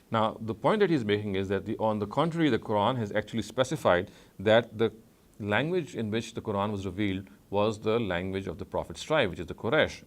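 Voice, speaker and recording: Measured, low-voiced male lecturer. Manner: measured, frequent "uh" pauses and self-corrections. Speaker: Islamic studies lecturer. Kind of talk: scholarly lecture.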